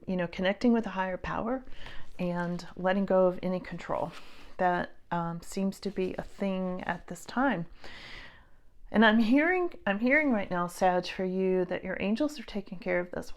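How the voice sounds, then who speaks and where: A woman with a somewhat low-pitched voice gives a casual tarot reading to camera. She talks in an earnest, halting way with plenty of "um" and "you know." She often sinks into soft, hushed whispers. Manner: emotional, speaks of feeling things strongly. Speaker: psychic tarot reader.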